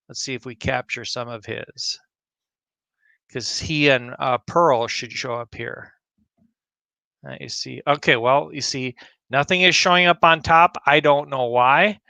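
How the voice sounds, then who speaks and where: A man hosting a community news livestream, rambling casually as he clicks through a website and greets viewers by name, a bit choked up and clearing his throat. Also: medium pitch, pushed and bright, no room sound. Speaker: livestream host.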